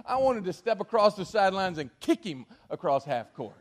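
A man preaching a sermon in an earnest, halting way, often restarting his phrases as he goes. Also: high voice, sing-song. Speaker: pastor.

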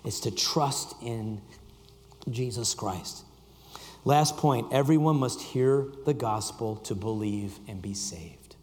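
A man preaching a sermon to a congregation, reading scripture and joking with the room, shifting from loud emphasis to quiet intensity. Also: mid-range voice, takes it slowly. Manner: reads scripture aloud and jokes with the congregation. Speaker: pastor. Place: church sanctuary. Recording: long reverb of a large hall.

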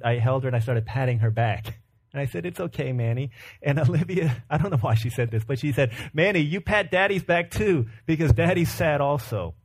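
With a medium pitch and a slightly mellow tone, a man in his thirties preaches a conversational sermon. He keeps questioning the congregation and tells family stories about his young children.

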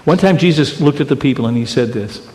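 A man preaching a sermon as pastor, conversational and teasing, swinging between loud emphatic bursts and hushed quiet lines. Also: medium pitch, expressive, fast talker, long reverb tail. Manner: conversational and teasing, with rhetorical questions.

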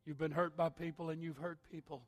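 A man preaching an altar call sermon, reading scripture and building to shouted, sing-song appeals. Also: on the high side, level tone, a little fast, soft background music. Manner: reads scripture in King James wording.

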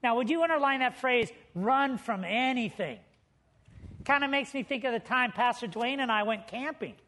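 A man's voice: very high-pitched, moderate pace. A man preaching a sermon as pastor, telling stories with humor and building to emphatic points. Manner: lively storytelling preacher with humor.

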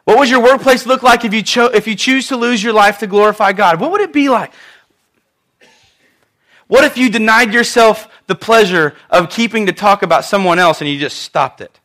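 A man preaching a sermon in church, talking in an animated, conversational way with asides to the congregation. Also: high-pitched, normal speed. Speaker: pastor.

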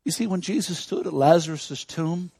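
A man preaching a sermon as a pastor, moving from quiet, close talk to loud, shouted preaching. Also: a little high, normal speed, gravelly, slightly rough, no echo. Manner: swings from hushed intimacy to loud shouting preaching. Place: church.

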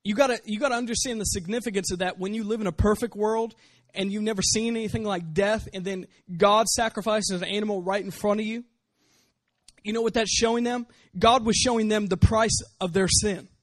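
A man's voice: sits high, fairly even intonation, fairly quick, no echo. A man preaching a sermon as pastor, pressing his points with repeated rhetorical questions.

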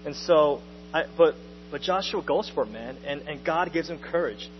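A young adult man preaching a sermon to his church, casual and lively, with slang and joking asides. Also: a little high, normal speed. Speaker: pastor. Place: church hall. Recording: dull sound with long reverb and faint hum.

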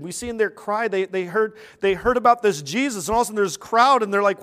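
Man, high voice, preaching, emphatic, bursts out loudly, questions his listeners. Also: quick pace, few pauses. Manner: animated, emphatic, with sudden loud outbursts. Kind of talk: sermon.

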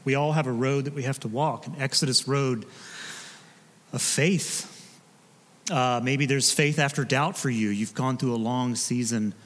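A man, a pastor preaching in a relaxed, conversational way with joking asides to his congregation. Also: mid-range voice, unhurried, in a large hall. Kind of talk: sermon. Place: church sanctuary.

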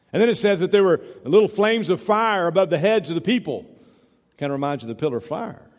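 Folksy middle-aged preacher, high voice. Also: male voice, big-room sound. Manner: conversational, says "you know" often. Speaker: pastor. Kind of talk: folksy sermon.

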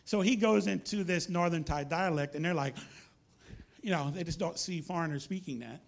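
Man, high voice, animated preacher telling stories. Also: normal speed, vocal fry. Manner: animated storytelling, acts out dialogue. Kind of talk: sermon.

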